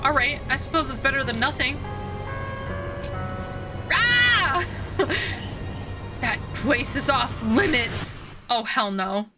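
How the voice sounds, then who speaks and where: With game music playing, a woman streamer reads visual novel dialogue aloud in a high voice at a measured pace. Between lines she offers casual commentary, giggling, swearing freely, and reacting loudly.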